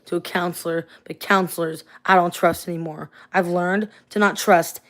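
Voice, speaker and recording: A woman's voice: fairly low pitch, steady tone, moderate pace. Woman, angry, swearing, tired, late-night livestream rant, phone or webcam at home. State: tired, up at four in the morning.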